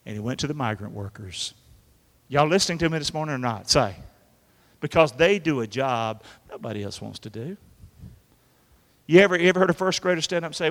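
A man's voice: fairly high pitch, expressive, fairly quick, long pauses. A man preaching a folksy sermon in church, calling out to the congregation and acting out quotes. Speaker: pastor. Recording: echoey hall.

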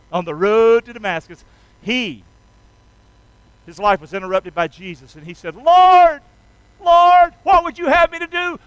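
A man's voice: high-pitched, fairly bright tone, dry recording, rough recording. A man preaching a sermon in a folksy, emphatic way, drawing the congregation into call-and-response. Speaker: pastor.

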